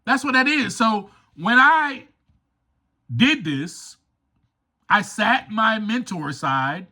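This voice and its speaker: Animated, bright-voiced male podcast host. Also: sits high, slow pace. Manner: animated, acts out quoted voices; preachy, emphatic repetition. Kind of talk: recovery podcast monologue.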